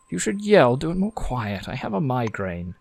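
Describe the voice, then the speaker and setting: A man's voice: mid-range voice, big pitch swings, moderate pace, gravelly, darkish tone, dry recording. A man doing a weary, distracted husband. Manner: dismissive, tired.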